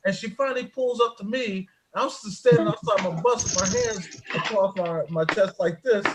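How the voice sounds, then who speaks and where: A man's voice: sits high, normal speed, very noisy. A man who drives an airport shuttle bus, telling jokey work stories in casual chat and laughing often at his own wordplay.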